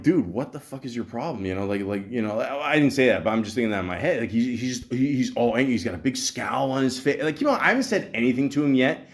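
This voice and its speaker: Animated, profane male storyteller. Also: medium pitch. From Canada. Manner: animated, profane, stammering restarts, acts out dialogue. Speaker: podcast host. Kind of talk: casual storytelling rant.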